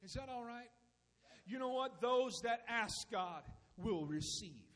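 A man's voice: very high-pitched, animated, unhurried, fairly bright tone, long reverb tail. A male pastor preaching a sermon, rising into emphatic bursts and acting out little dialogues.

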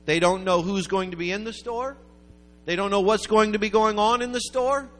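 A man preaching a sermon, telling a story in a rambling way that builds to loud, emphatic peaks. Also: high voice, normal speed. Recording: long hall reverb with faint music.

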